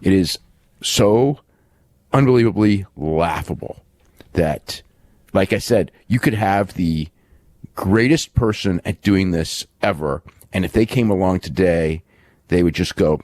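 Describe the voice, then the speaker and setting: A man co-hosting a podcast, chatting casually about a wrestling show in a rambling, halting way with many fillers and restarts. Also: low voice, lively intonation, a little mellow, no echo. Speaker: podcast co-host. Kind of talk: casual wrestling recap chat.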